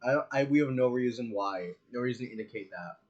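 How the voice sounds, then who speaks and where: A man's voice: medium pitch, a little fast, darkish tone, highs cut off. A man co-hosting a casual podcast, rambling and arguing with a laugh. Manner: rambling, argumentative, laughs a lot. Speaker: podcast co-host. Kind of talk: casual chat.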